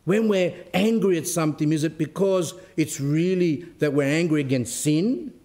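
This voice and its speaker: Man giving an animated spiritual talk. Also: normal speed. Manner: storytelling with rhetorical questions; grows animated and high when telling the story. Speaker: Orthodox Christian cleric giving a talk. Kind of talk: spiritual talk with a personal anecdote.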